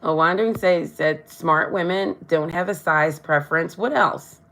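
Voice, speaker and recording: Brief: woman tarot streamer, lower voice, chatty, tongue-tied. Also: normal speed, fairly bright tone. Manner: stumbles over words, tongue-tied; chatty, addresses viewers directly. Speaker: tarot reader. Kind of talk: live-stream tarot reading.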